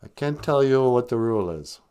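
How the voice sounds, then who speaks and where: A man's voice: mid-range voice, lively intonation, moderate pace, dark tone, smooth. A man hosting a casual live stream from home, joking and teaching words of a language, with faint guitar music behind. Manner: joking, self-mocking banter. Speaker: podcast host teaching Ojibwe words.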